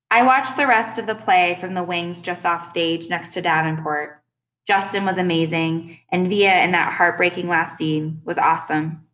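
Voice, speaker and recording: A young adult woman reading a first-person audiobook in a steady, earnest storytelling manner. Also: on the low side, poor audio. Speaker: audiobook narrator.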